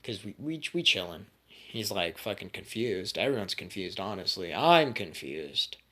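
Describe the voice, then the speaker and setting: A man's voice: sits low, big pitch swings, moderate pace, pushed and bright. A young man telling a made-up story in a casual, rambling way, full of slang and swearing.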